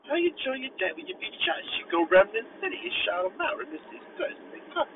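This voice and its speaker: A man's voice: extremely high pitch, very animated, fast talker. A man delivering an absurd, mock-motivational comedic monologue in a put-on voice while driving, recorded inside a car. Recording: tinny phone-like audio with faint road noise.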